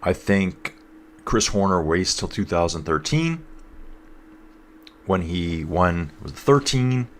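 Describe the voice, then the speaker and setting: A man with a very low voice talks casually through a live race, his nose a bit stuffed up. He keeps an easy, chatty flow, reading out comments from viewers as he goes. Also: very animated, takes it slowly, pauses often, a bit bright, a little hiss or hum.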